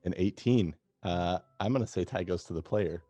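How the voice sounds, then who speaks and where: Deep-voiced male game master. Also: normal speed, no echo. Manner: relaxed, hesitant with fillers. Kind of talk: narrating a tabletop game.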